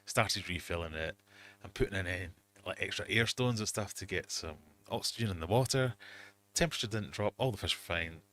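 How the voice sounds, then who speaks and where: Deep-voiced and fairly quick, with a somewhat bright tone, a middle-aged man rambles through self-mocking stories with quoted asides. He's hosting a casual livestream from his home fish room, and there's slight background noise.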